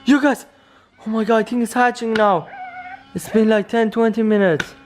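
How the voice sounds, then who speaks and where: High-voiced panicky young man vlogging. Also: fairly even intonation, normal speed, soft background music. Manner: panicky, repeating exclamations. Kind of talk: scripted horror skit vlog.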